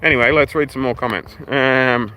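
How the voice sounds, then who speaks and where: Australian man, mid-pitched, easygoing and rambling, swears a lot, walking outside, phone mic, clear outdoor noise behind. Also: moderate pace, sharp tone, poor audio. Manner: laid-back, rambling, swears freely. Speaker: livestream host. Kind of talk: casual walking livestream chat. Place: outdoors walking through a park by fields.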